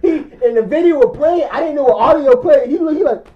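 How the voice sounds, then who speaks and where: A man's voice: very high-pitched, a little fast. A man telling a funny story in casual chat, laughing often and acting out the other people's lines as he goes. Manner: animated, laughing, acts out quoted lines. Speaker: podcast co-host. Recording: dull lo-fi recording.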